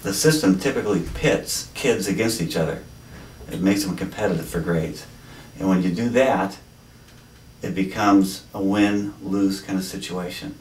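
An educator being interviewed, speaking slowly and deliberately with pauses. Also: male voice, deep voice, a little mellow, a little hiss or hum. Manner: slow, deliberate, pausing. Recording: distant mic in echoey room.

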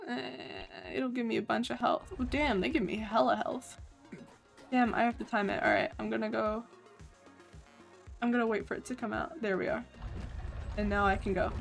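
An Australian woman talks her way through a game stream in a casual, excitable manner, swearing freely and letting out sudden yelps. Her voice sits a little high. Faint background music plays under her commentary. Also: moderate pace, creaky, long pauses. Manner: excitable, swears a lot, bursts into yelps and laughs.

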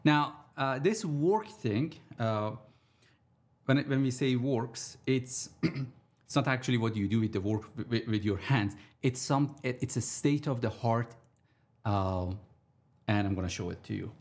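A man teaching a sermon on scripture, deliberately repeating his key points for emphasis. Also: mid-range voice. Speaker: Bible teacher.

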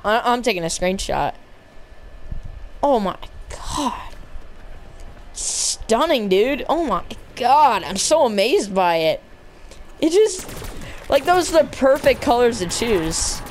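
A woman streaming a zombie shooter game, chatting casually with excitable, gushing outbursts and lots of slang. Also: on the high side, measured pace, few pauses, slight background noise. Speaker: gamer streaming zombie mode. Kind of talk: casual live gameplay commentary.

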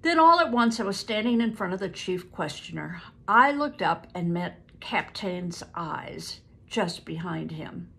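An older woman reading a book aloud to family, pausing to explain words and stumbling over hard names. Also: on the low side, sing-song, vocal fry, fairly bright tone, husky. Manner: stops to explain words and events.

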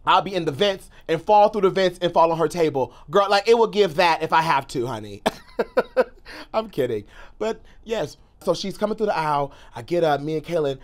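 A young man telling an excited storytime in a sassy, theatrical way, swinging between loud outbursts and hushed asides. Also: a little high, normal speed. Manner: sassy, calls the listener girl and honey. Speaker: pop culture commentator and YouTuber.

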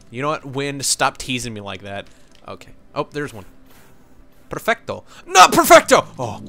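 A man's voice: mid-range voice, sharp tone. A young man giving casual, rambling let's-play commentary, joking and laughing as he plays. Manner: rambling, jokey, laughs often.

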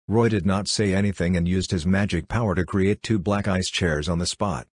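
Male audiobook narrator, steady, deep voice, dry close sound. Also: moderate pace, hardly any pauses, dry recording. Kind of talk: scripted narration.

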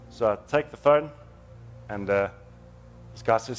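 A man's voice: on the low side, a little slow, long pauses, soft background music. A man, preaching a storytelling sermon in a church in an earnest, emotional, conversational way.

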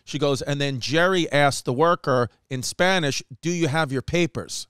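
A comedian hosting a podcast tells a rambling story in rapid run-on fashion, animatedly acting out the people and their quotes. His fairly high voice is clear and resonant, captured in studio quality with no echo.

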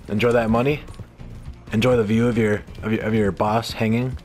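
A man with a lowish voice commenting on his own gameplay, excitable and quick to swear. He jokes with himself and reacts loudly to what happens on screen. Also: faint music behind. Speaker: gameplay streamer.

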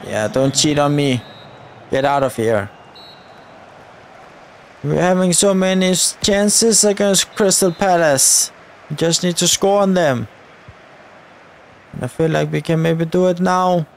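A young man giving live commentary over a football video game, shouting at the referee in frustrated outbursts. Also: on the high side, unhurried, pauses often, a little hiss or hum. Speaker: gaming YouTuber.

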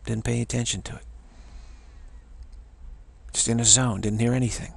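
A man's voice: mid-range voice, little pitch movement, moderate pace, gravelly. A middle-aged man teaching a self-development practice in a motivational talk, emphatic and repeating phrases for stress.

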